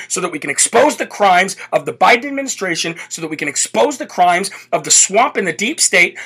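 A man's voice: high-pitched, pushed and bright, breathy edge. Brash fired-up male political host. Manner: brash, repetitive, ranting. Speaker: political talk show host.

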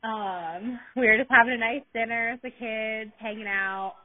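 A woman's voice: on the high side, steady tone, normal speed. Giggly woman, tinny phone sound. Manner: chatty, giggly, rambling. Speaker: podcast co-host. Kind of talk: casual storytelling chat.

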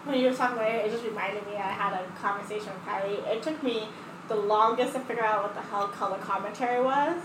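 A woman co-hosting a podcast in casual chat, telling stories in a halting way with many restarts. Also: mid-range voice, far from the mic. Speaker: podcast co-host. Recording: echoey room, clear background noise.

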